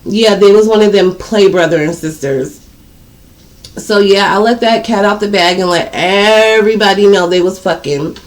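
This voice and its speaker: Speaking at medium pitch and a moderate pace, a woman shares a personal story as a storytime vlogger. She's blunt, casual and profane, speaks directly to viewers, and doubles up on words for emphasis.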